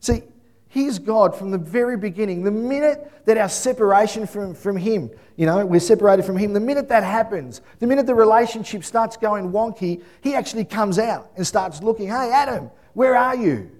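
This middle-aged pastor has a voice pitched high for a man and speaks at normal speed. His sermon runs on animated storytelling, and he acts out the family members in his tales.

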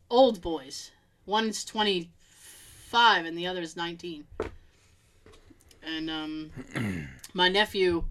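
A woman's voice: fairly low pitch, fairly bright tone. A middle-aged woman co-hosting a casual chat, telling profane family stories with a lot of cursing. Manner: profane, storytelling, imitates family in quotes. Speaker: podcast co-host.

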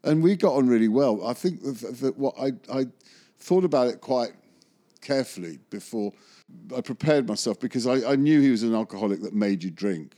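A man's voice: lowish voice, mellow. A man, a magician, telling a rambling anecdote in an interview, often correcting himself and chuckling. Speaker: magician recalling film work.

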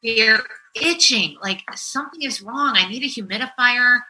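A middle-aged woman chats on a podcast with a very bright, ringing tone. She tells exasperated stories at an animated clip and swears as she goes. Her voice sits a little high. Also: moderate pace, a little hiss or hum. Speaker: podcast co-host. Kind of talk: casual chat.

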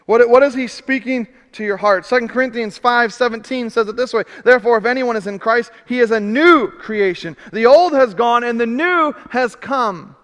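Man, pastor, sermon, high smooth voice, long hall reverb. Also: normal speed, few pauses. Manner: animated, shifts from loud emphasis to hushed questions.

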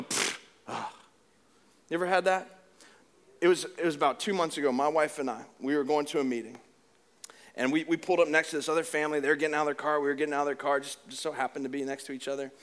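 A middle-aged man delivers a sermon in a lively, conversational way, mixing jokes with repeated points. His voice sits high and sounds bright and forceful. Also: racing. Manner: animated, conversational preaching with humor and repetition. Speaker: pastor.

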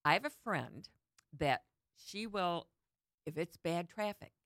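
A woman's voice: lowish voice, slow, dry recording, clean studio sound. An older woman co-hosting a casual talk show, chiming in and laughing often. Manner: lively, laughs often, chimes in. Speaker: co-host. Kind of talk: casual chat.

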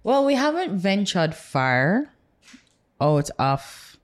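A young adult woman with a Jamaican accent, co-hosting a podcast in casual chat, animated, blunt and teasing. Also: mid-range voice, slow pace. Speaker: podcast co-host.

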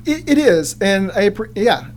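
A man telling funny stories in casual chat as a comedian guest, often jumping into loud character voices. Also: high-pitched, very animated, unhurried, slight background noise.

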